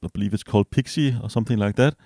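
A man casually reviewing a small gadget as he unboxes it, relaxed and hesitant, with fillers and self-corrections. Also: on the low side, racing, dry recording, studio quality. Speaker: product reviewer.

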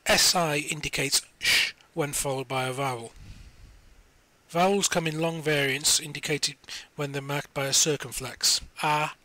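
Bright-voiced man reading an encyclopedia article. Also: on the high side. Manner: careful, spells out letters and sounds out foreign words. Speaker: volunteer reader of spoken encyclopedia articles.

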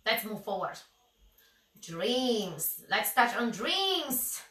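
A woman's voice: fairly high pitch, sing-song, drawn-out words, sharp tone, distant mic. A woman with a Russian accent co-hosting a motivational show, urging listeners with questions. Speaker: podcast co-host. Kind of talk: motivational talk. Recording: echoey room, off-mic.

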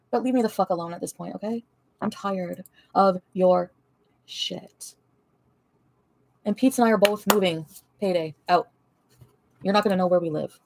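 A woman's voice: medium pitch, darkish tone, dry recording. A woman livestreamer answering her chat in a heated, profane, confrontational rant.

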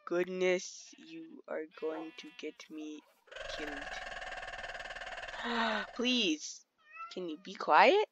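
A woman's voice: on the low side, expressive, extremely slow, long pauses, heavy background noise. A woman giving casual, chatty commentary while playing a game, easily startled and talking to the animals around her. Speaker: gamer streaming play. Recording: dull lo-fi sound.

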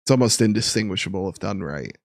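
Lively young male streamer, dry close mic. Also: low voice, fast, no echo. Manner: chatty and laughing, animated, reading chat aloud. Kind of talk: casual live-stream chat.

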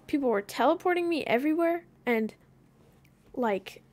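A woman streaming a video game, chatting casually as she plays, swearing freely and now and then breaking into loud panicked yelling. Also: fairly high pitch, animated, a little slow. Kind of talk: casual gaming commentary.

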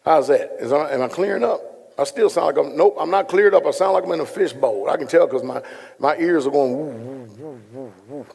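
A man's voice: fairly high pitch, animated, fast talker, gravelly, darkish tone, breathy edge. A man, preaching casually to a large congregation in a hall, joking and speaking straight to the room on a stage mic. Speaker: pastor. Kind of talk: sermon with casual asides to congregation. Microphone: stage microphone being adjusted. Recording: long hall reverb, echoey.

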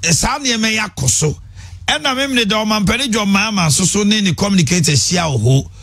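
A man's voice: high voice, lively intonation, brisk, a bit bright. A man hosting a radio talk show, interjecting short prompts and relaying claims to his guest.

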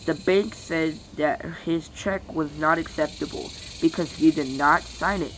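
A host reading a dictionary aloud, halting and stumbling over words, with weary sighs between entries. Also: medium pitch, fairly even intonation, a bit bright, a little hiss or hum, poor audio.

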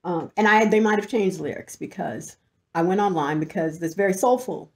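A middle-aged woman hosting a show, telling a story in an animated way and often breaking into laughter. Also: fairly low pitch, fairly quick. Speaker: host. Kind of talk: storytelling monologue.

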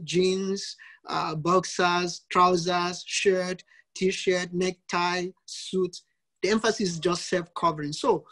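A man's voice: high-pitched, a bit bright. A male priest giving a teaching talk in an online session, emphatic and fond of repeated lists of examples.

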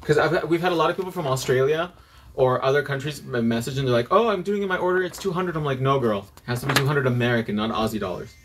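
A man's voice: medium pitch, quick pace, a bit bright. A man hosting a live online sale, chatting in a sassy, playful way as he reads out orders. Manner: sassy and playful, banters while reading out orders. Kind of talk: casual live-stream chat. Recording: noisy room with clicks.

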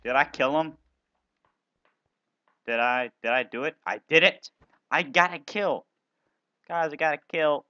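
A man playing a video game and commentating, excitable, playful, often yelping and exclaiming. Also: fairly high pitch, unhurried, pauses often, dry recording, muffled recording. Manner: silly, playful banter at other players. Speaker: gaming video host.

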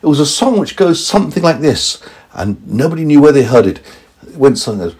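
At home, a father figure makes up a playful bedtime story for a small child. His husky voice moves briskly, animated and swooping in pitch for emphasis.

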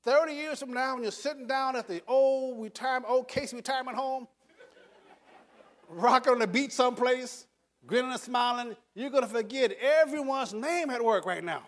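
A man's voice: extremely high pitch, normal speed. An older man giving a motivational talk to an audience, speaking emphatically, repeating words and chuckling through his stories. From United States.

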